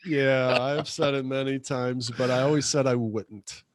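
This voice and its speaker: A man's voice: mid-range voice, fairly even intonation, unhurried. A man in his fifties co-hosting a casual talk show, supportive and agreeable. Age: 50s. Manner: supportive, lots of short agreements. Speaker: podcast co-host. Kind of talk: casual chat.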